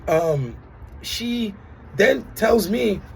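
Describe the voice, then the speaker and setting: A young man vents in a casual vlog, telling his story with exasperation and acting out what others said. His voice sits fairly high and has a gravelly edge, with faint background hiss behind him. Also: extremely slow. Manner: animated, exasperated storytelling with acted-out quotes. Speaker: customer reviewing an insurer.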